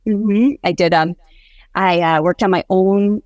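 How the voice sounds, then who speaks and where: A woman's voice: mid-range voice, steady tone, measured pace, darkish tone, no room sound, muffled recording. A woman in her forties, a guest on a podcast, casually telling her story with easy fillers. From Western New York. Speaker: guest, actor and producer. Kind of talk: casual interview chat.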